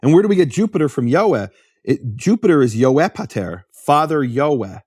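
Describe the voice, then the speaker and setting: A man's voice: mid-range voice, lively intonation, brisk, darkish tone, slightly rough, no echo, clean studio sound. A man hosting a talk, explaining history in a lecturing way and answering his own rhetorical questions. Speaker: host explaining biblical history.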